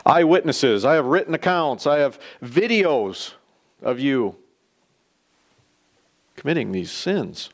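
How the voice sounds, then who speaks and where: A man's voice: medium pitch, big pitch swings, takes it slowly, pauses often, exaggerated voice. A man voicing the devil as prosecutor. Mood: accusing. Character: accusing devil, male, prosecutor, vengeful.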